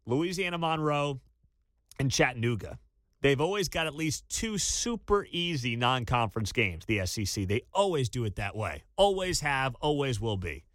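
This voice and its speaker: A man hosting a college sports talk radio show, ranting with incredulous energy and bursts of shouting. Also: fairly high pitch, dry recording, studio quality. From Kansas City area. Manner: animated, incredulous rants with sudden shouting.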